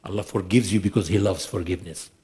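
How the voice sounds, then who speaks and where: A man preaching a sermon in a mosque, emphatic, posing rhetorical questions and reciting scripture in quick bursts. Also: low-pitched, fairly even intonation, warm tone.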